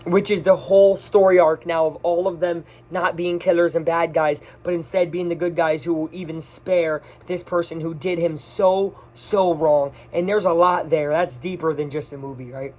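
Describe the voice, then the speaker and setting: A person reviews a movie straight off the top of their head, with a middling pitch. They gush excitedly and speak in quick bursts. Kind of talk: casual off-the-cuff movie review.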